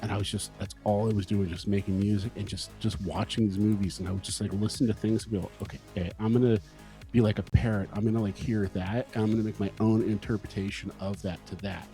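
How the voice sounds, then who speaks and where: A man from California sits in as a podcast guest and unwinds long, easygoing stories. His voice sits low, and he swears casually and acts out what he once thought. Faint music runs beneath him. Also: fairly even intonation, quick pace, mellow. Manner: laid-back storyteller, swears freely, acts out his own past thoughts.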